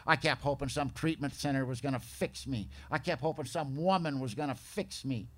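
A man's voice: medium pitch, normal speed. A man giving his personal testimony at a recovery meeting, earnest and folksy in his manner.

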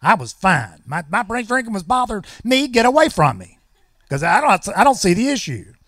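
A man's voice: sits high, big pitch swings, moderate pace, a bit bright, no room sound, clean studio sound. A man, telling a personal recovery story at a meeting with folksy, wry humor.

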